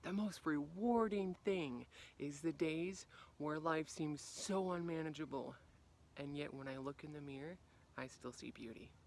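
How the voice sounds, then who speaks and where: A woman life coach giving a motivational talk to camera outdoors in the cold. She acts out quoted reactions with big jumps in pitch and volume, then drops to a soft, quiet voice on reflective lines. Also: gravelly, a little hiss or hum.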